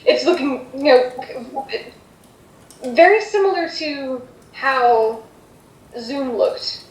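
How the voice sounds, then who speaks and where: A woman running a tabletop game, narrating scenes with a hesitant, searching delivery. Her voice is high. The room sounds echoey and she sits away from the mic, with faint noise behind. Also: lively intonation, very slow, a little mellow, distant mic. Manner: hesitant, full of fillers and restarts. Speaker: game master.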